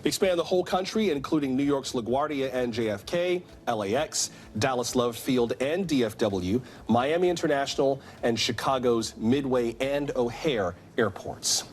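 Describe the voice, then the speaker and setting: A man anchoring a news program, reading a scripted report and then questioning a guest in a clear, measured manner. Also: medium pitch. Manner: clear, measured newsreader delivery.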